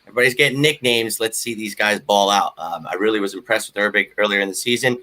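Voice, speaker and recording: A man co-hosting a casual sports chat, excitable and joking. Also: on the low side, fast talker. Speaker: podcast co-host.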